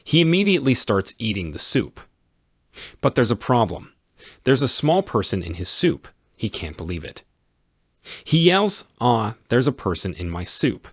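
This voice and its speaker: A man reading a simple story aloud for English learners, with clear, emphatic storytelling. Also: fairly low pitch, no room sound, clean studio sound. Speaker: story reader.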